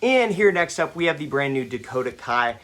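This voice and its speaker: A man's voice: a little high, very animated, fairly quick, fairly bright tone. A young man hosting a casual action-figure unboxing review, rambling with lots of fillers and restarts, a little foggy and stuttering. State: stuttering, foggy after a fight.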